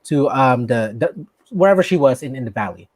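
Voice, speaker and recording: Enthusiastic rambling podcast host. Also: male voice, medium pitch, animated, brisk. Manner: enthusiastic, rambling, many ums, Tagalog asides. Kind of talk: casual interview chat.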